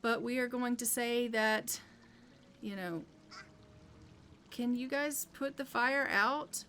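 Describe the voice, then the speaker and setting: A woman's voice: fairly high pitch, takes it slowly, bright, forceful tone, a little hiss or hum. A woman giving casual commentary on her own gameplay, chatty and thinking aloud as she plays. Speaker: gaming YouTuber.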